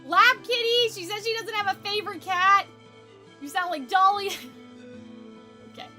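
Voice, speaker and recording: Young woman gaming streamer, super high and bright, reads the quest text out loud, soft music under it. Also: moderate pace. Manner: reads game text aloud, chatty asides to chat. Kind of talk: live game reaction stream.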